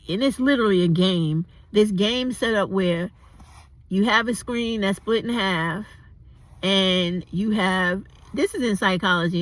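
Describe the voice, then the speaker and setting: A woman's voice: medium pitch, no echo. An older woman talking to camera in a blunt, profane, rambling way, often drifting into digressions. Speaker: vlogger. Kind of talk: casual commentary to camera.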